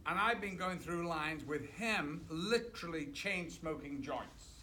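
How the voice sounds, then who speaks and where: An older man, a guest actor on a film panel, telling animated anecdotes at a screening Q&A and laughing through them. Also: fairly high pitch, measured pace. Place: cinema auditorium. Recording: loud background noise and clicks.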